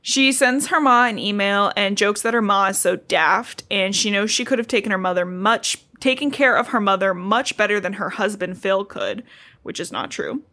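A woman's voice: medium pitch, normal speed, bright, forceful tone. Sarcastic woman recapping a book. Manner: sarcastic, swearing, lots of "like". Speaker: podcast co-host recapping a book. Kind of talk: casual chat.

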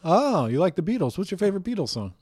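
Male podcast co-host, playful and prodding, slightly high voice, dry close mic. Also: very animated, fast, darkish tone, husky, no room sound. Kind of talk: casual comedic podcast banter.

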